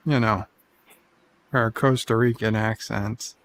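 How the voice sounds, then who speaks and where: A man's voice: fairly low pitch, steady tone, takes it slowly, heavy background noise. A man co-hosting a podcast, chatting casually and cracking dry, wry jokes. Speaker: podcast co-host. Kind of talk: casual chat.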